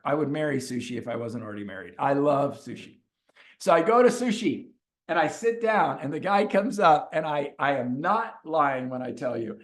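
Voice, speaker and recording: A man speaking as a coach in a webinar, telling stories in an animated way and repeating points for emphasis. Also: mid-range voice. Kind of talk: webinar talk with storytelling.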